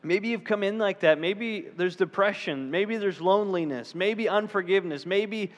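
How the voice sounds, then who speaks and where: A man with a high voice preaches a sermon, telling a story with animated, acted-out voices. His voice rings with the long reverb of a large hall. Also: normal speed. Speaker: pastor.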